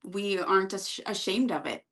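A woman's voice: medium pitch, moderate pace, fairly bright tone. Earnest, reflective woman guest. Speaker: podcast guest. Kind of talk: casual interview chat.

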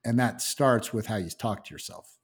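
A man's voice: on the low side, normal speed, husky. A man speaking as a guest in a casual interview, earnest, with frequent restarts and "you know".

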